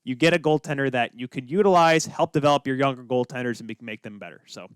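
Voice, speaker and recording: A man co-hosting a casual hockey podcast, opinionated and quick with asides. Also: mid-range voice, clean tone, no echo, clean studio sound. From Minnesota. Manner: opinionated, talks fast with many asides. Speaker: podcast co-host. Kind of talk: casual sports chat.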